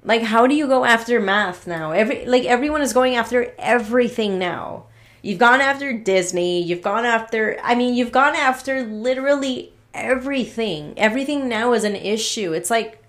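A woman's voice: a little high, moderate pace, fairly bright tone. A woman hosting her own podcast, ranting in a casual, exasperated way, swearing freely and restarting her sentences. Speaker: podcast host. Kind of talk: casual solo podcast rant.

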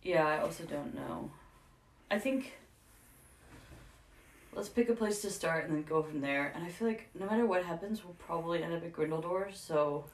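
A woman's voice: on the low side, moderate pace, long pauses. A woman podcast co-host chatting enthusiastically, rambling with many fillers. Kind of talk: casual chat. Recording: roomy, distant mic.

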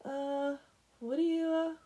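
A gruff middle-aged village father in a storybook retelling, put on by a woman. He stumbles over his words, hesitant and exasperated. His voice sits fairly high. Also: level tone, slow, warm tone.

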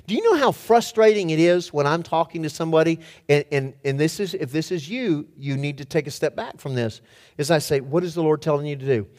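Higher-voiced preacher in a reverberant hall. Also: male voice, fairly quick. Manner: animated storytelling with rhetorical questions. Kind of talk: sermon.

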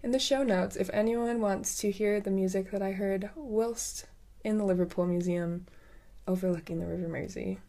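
A woman's voice: medium pitch, moderate pace, mellow. Upbeat woman podcast co-host. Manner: upbeat, rambling, gives travel tips. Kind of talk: casual chat.

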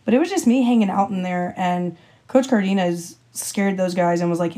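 A young woman co-hosts a casual chat, spinning stories with energy. Her voice is mellow and low in brightness, and she jumps up in pitch when she acts out what others said. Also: moderate pace. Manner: animated storyteller, acts out quotes with a lifted voice. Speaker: podcast co-host.

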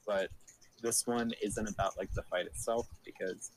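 A man's voice: on the low side, steady tone, normal speed, heavy background noise. A young man with a slight Spanish-tinged English accent, co-hosting a podcast and telling stories in a loose, rambling way full of "like" and fillers. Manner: rambling, heavy use of "like" and fillers. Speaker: podcast co-host. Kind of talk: casual chat storytelling.

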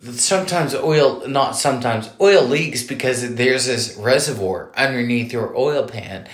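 A man's voice: medium pitch, measured pace. Indignant man in his thirties, echoey room. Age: 30s. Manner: animated, indignant retelling with fillers. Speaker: storyteller. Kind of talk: casual storytelling.

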